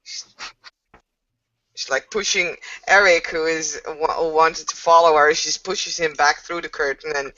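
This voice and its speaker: A woman's voice: deep voice, steady tone, bright, forceful tone, far from the mic, highs cut off. A woman narrating a tabletop game as game master, hesitant and full of fillers. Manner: slow, hesitant with many fillers.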